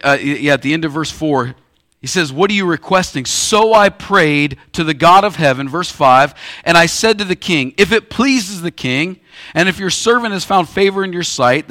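A man's voice: high voice, pushed and bright. A man preaching a sermon as a pastor, emphatic and acting out the dialogue of the passage in plain speech. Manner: emphatic, acts out the biblical dialogue.

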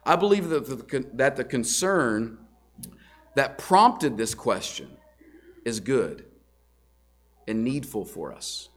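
A man's voice: mid-range voice, big pitch swings, takes it slowly, long pauses. A man preaching a sermon as a pastor, earnest and conversational, asking rhetorical questions and often restarting words. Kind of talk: sermon teaching.

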